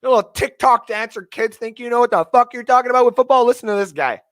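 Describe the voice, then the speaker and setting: A man putting on the voice of an excited football fan who scolds his kids to listen. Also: very high voice, quick pace, voice pushed up. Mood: exasperated. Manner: exasperated, lecturing.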